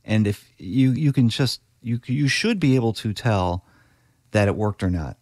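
A man who works as a podcast editor, explaining his craft as a guest in a relaxed conversational interview and often restarting his sentences. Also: lowish voice, normal speed, no room sound, clean studio sound. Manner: practical, explanatory, with frequent restarts.

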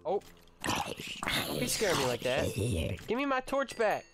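Young guy gaming, kinda high voice, gets all hyped and swears when stuff jumps him. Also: moderate pace, heavy background noise. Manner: excitable, talks to his pet and viewers, swears when startled. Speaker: gaming channel host. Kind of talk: casual let's-play commentary.

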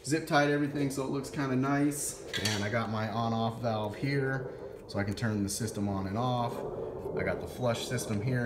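A man's voice: on the low side, reverberant, slight background noise. A man casually talking through his aquarium setup and garage in an unedited home vlog, full of fillers. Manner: relaxed, rambling, filler-heavy. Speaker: aquarium hobbyist vlogger. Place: home, walking from living room to garage.

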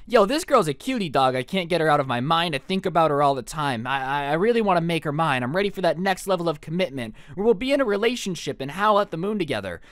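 A man voicing a possessive teenage boy who acts like a wolf, in a low, slow and intense voice. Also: sing-song, fairly bright tone, no echo, clean studio sound. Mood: lovestruck.

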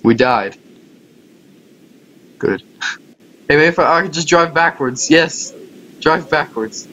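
A gaming YouTuber with a slightly high, sharp-toned voice takes it slowly in casual, self-mocking let's-play commentary. He talks to viewers and laughs often, and the audio is poor.

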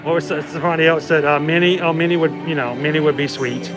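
A man's voice: a little high, steady tone, fast, over music. A man co-hosting a livestream, chatting casually and joking while walking through a theme park outdoors. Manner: joking, playful, laughs often. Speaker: livestream co-host.

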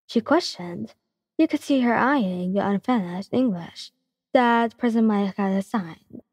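A young woman narrating a second-person ASMR story in a soft, even reading voice. Her tone is breathy and slightly husky. A long reverb hangs behind her words. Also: mid-range voice, unhurried. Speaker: fanfiction reader.

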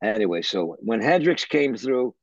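An older man from Canada telling a rambling story in a husky, breathy voice. He is animated, with restarts and the odd curse. The recording is dry and dull. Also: on the low side, normal speed, dry recording. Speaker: interview guest, musician. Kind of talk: anecdotal storytelling.

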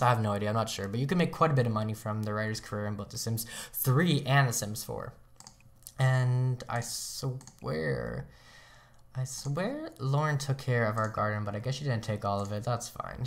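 Speaking at medium pitch, a young let's play host talks loosely over his game, chatty and meandering, frequently laughing at his own expense.

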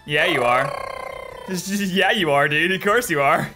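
A man's voice: high voice, normal speed, over music. A British man commentating his gameplay casually, grumbling and exasperated at the game. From United Kingdom. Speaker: gaming video host.

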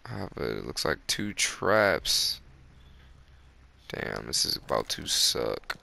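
A man giving live gameplay commentary on a close desk mic, excitable and boastful, with breathy asides to his viewers. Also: very deep voice, takes it slowly. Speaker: gaming video creator. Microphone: close desk microphone.

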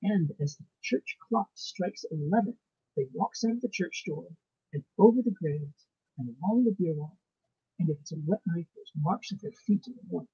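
A man's voice: high voice, expressive, normal speed, dark tone, slightly rough, highs cut off, heavily acted. A man voicing a placid, stubborn old peasant housekeeper woman with rustic grammar, reading a ghost story aloud. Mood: ominous.

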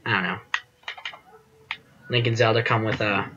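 A man's voice: lowish voice, flat delivery, normal speed, highs cut off, noisy background. A man giving casual gameplay commentary as host of his channel, rambling and self-deprecating, often trailing off with fillers.

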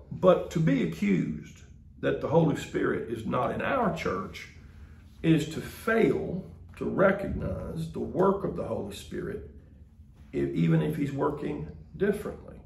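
A man's voice: mid-range voice, vocal fry, reverberant. A man, preaching a sermon as the pastor in a folksy, conversational storytelling way. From Mississippi, US.

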